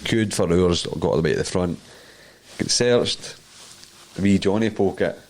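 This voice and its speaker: A man's voice: low voice, measured pace, darkish tone. Scottish man telling stories with laughs. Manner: laughs through his stories, jumps into put-on voices. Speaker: podcast co-host. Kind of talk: casual chat, storytelling.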